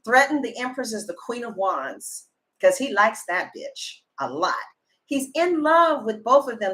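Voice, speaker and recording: A woman tarot reader telling a story to her viewers in a chatty, animated way, full of fillers and sudden loud high exclamations. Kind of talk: casual storytelling chat to live viewers.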